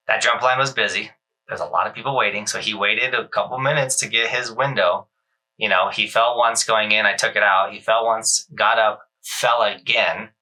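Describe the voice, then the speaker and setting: A man co-hosting a podcast, rambling through an animated story with lots of filler words. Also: lowish voice, distant mic, low-quality recording. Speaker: podcast co-host. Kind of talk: casual chat.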